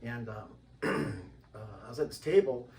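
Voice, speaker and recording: Here a warm-toned man from Washington State, a tribal member and interview guest, rambles through conversational stories at normal speed. He fills them with "you know" and acts out quoted voices in a higher pitch, recorded on a distant mic with a roomy feel and faint background ambience.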